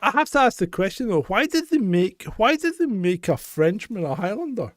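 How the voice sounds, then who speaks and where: A man co-hosting a casual news chat show, opinionated and quick to laugh. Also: high voice, sing-song, dry recording, studio quality. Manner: chatty, opinionated, laughs often. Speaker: co-host.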